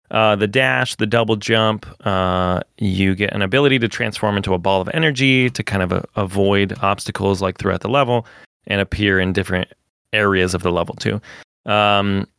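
A man's voice: on the low side, a bit bright, clean tone, no room sound, clean studio sound. A man on a podcast, reviewing a game in a loose, casual way with lots of "uh" fillers. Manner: loose, filler-heavy, "uh" between phrases.

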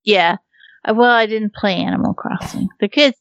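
A woman's voice: mid-range voice, moderate pace, fairly bright tone, no echo. A woman in casual podcast chat who laughs often, swears freely, and talks with many ums and restarts. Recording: dull lo-fi recording.

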